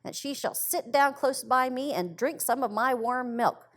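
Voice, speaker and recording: Woman playing an excitable little boy in a storybook, eager and breathless. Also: sits high, moderate pace, pitched above the performer's own voice. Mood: delighted.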